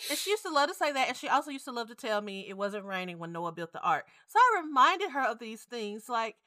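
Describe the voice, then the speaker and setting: A woman co-hosting a podcast in casual chat, animated and emotional, laughing often. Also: a little high, fast, no room sound, clean studio sound. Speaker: podcast co-host.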